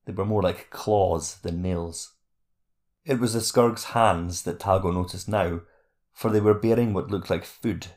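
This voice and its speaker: A man narrating a fantasy audiobook chapter in a steady, measured reading voice. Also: low-pitched.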